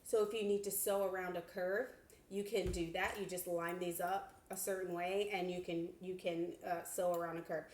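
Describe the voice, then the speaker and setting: A woman giving a casual sewing product review, chatty and expressive, with laughs and exclamations, from a home sewing room. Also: lowish voice, normal speed, slight background noise. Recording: echoey room.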